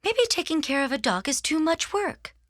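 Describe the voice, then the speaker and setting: A woman's voice: high-pitched, big pitch swings, normal speed, a bit bright, no room sound, clean studio sound, pitched above the performer's own voice. A woman voicing a firm, caring mother in a storybook, matter-of-fact.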